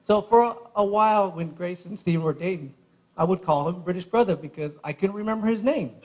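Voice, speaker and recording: A man's voice: sits high, moderate pace, long pauses, a little mellow, slight background noise, low-quality recording. A man giving a casual best-man speech at a wedding reception, chatty, emotional and laughing often through his stories. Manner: admits he gets emotional.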